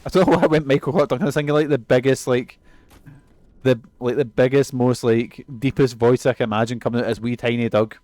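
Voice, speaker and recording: A man's voice: medium pitch, fairly even intonation, fast, a little mellow, dry recording. A young man giving rambling, sweary commentary while he plays a game. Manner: rambling and sweary, laughs often. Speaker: streamer. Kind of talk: casual gameplay commentary.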